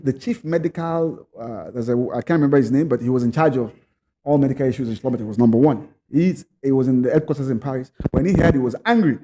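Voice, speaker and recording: A man from Nigeria, a podcast guest telling a personal story in a lively way, acting out other people's voices and sometimes repeating words. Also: mid-range voice, fast talker, a little hiss or hum.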